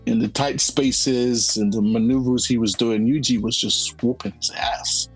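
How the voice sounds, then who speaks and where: A man co-hosting a podcast, chatting casually about an anime with animated, slangy asides. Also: medium pitch, unhurried, slightly rough, soft background music, low-quality recording. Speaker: podcast co-host.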